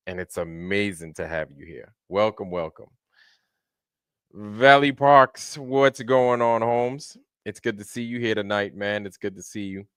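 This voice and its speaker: A man's voice: on the low side, fairly bright tone, clear, resonant tone, no echo, studio quality. A man hosting a casual livestream, greeting viewers one by one in a laid-back way. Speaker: livestream host.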